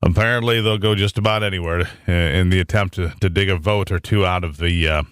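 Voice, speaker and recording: A man's voice: sits low, steady tone, brisk, a bit bright, clear, resonant tone, no echo, clean studio sound. An American man hosting a talk radio show in a rambling monologue with frequent restarts. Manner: rambling, with many restarts and fillers.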